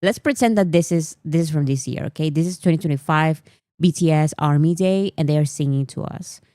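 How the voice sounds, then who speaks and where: A woman's voice: low voice, fairly quick, warm tone, dry recording, clean studio sound. A woman from Peru, chatting casually on a livestream and laughing often. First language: Spanish. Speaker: livestream host.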